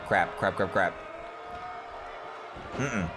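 A man commentating his own wrestling video game playthrough, joking, shouting at the screen and laughing. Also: low voice, extremely slow, music in the background, a crowd in the background. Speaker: gameplay commentator. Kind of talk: excited gameplay commentary.

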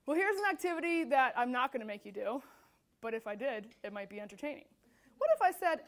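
A woman delivers a keynote from a stage and tells workplace stories in a conversational way. Her voice sits high, and she keeps slipping into little acted-out quotes. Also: quick pace. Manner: animated, acts out quotes with filler "like". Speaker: keynote speaker. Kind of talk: storytelling keynote talk.

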